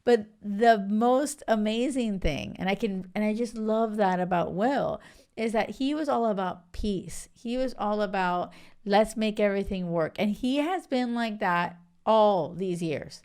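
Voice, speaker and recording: A chatty, emphatic woman talks her listeners through relationship advice as a show host. Her voice is smooth and clear, and her pitch sits at an ordinary middle height for a woman. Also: measured pace, darkish tone. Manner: chatty and emphatic, with frequent "like" and "right?" and some laughter. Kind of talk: casual advice monologue.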